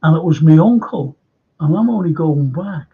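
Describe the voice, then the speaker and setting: A man's voice: on the high side, animated, moderate pace, breathy edge. An older man with a Liverpool accent hosting a live fan stream, chatting casually, reading comments and rambling through anecdotes with restarts. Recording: dull lo-fi stream audio.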